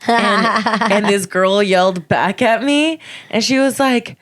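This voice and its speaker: Swearing, laughing young woman comic. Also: slow. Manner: animated, swears a lot, laughs often, acts out quotes in a high voice. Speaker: podcast co-host and stand-up comic. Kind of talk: casual chat, storytelling.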